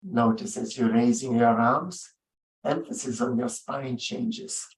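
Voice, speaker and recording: A man guides a yoga session in an unhurried, soothing way, leaving long gaps between his short cues. His voice sits in a middle pitch and sounds set back from the microphone, in a roomy space with a clear echo. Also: far from the mic. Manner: gentle, unhurried spoken cues with long pauses. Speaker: yoga instructor.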